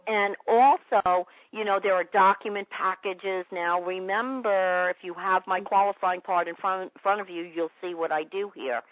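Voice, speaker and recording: A woman's voice: mid-range voice, steady tone, normal speed, few pauses, no room sound. A woman sales trainer coaching a trainee on a call. She repeats her points again and again, plays both caller and customer, and keeps checking whether it makes sense. Her voice comes through a dry, muffled line. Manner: repeats herself, acts out both sides of calls, keeps asking if it makes sense.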